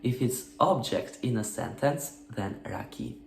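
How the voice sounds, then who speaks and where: A man's voice: mid-range voice, expressive, measured pace, vocal fry. A man teaching a language lesson, explaining grammar rules patiently, step by step, and asking rhetorical questions. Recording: echoey room with faint hum.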